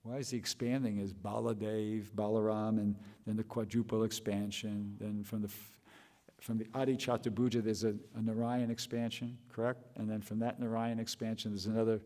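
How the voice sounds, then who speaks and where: A man's voice: fairly low pitch, flat delivery, a little fast, warm tone, in a large hall. A man giving a scripture class, thinking aloud with restarts and rhetorical questions.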